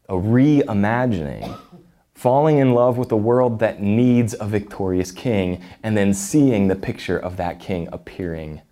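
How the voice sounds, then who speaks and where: A man with a lowish, warm, mellow voice gives a sermon. He reads a story aloud with expressive storybook delivery. He then shifts into reflective, unscripted commentary with some restarts. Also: unhurried.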